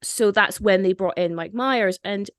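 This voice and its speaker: A woman's voice: medium pitch, unhurried, fairly bright tone, clear, resonant tone, no echo. Chatty Scottish woman, dry sound. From Scotland. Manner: chatty, laughs easily, restarts often. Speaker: podcast host. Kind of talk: casual film discussion.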